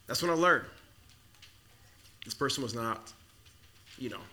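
A man's voice: mid-range voice, expressive, unhurried, bright, forceful tone. A young man from the Congo preaching a Christmas sermon in a church, telling a childhood story in a casual, conversational way with frequent restarts. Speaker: pastor. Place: church sanctuary.

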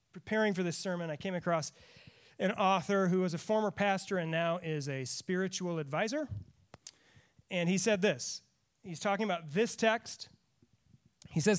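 A man preaching with earnest, emphatic drive, his voice sitting high for a man. He is a middle-aged pastor giving a church sermon, often repeating a line to press it home. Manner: earnest, emphatic, laughs at times, repeats lines for stress. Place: church sanctuary.

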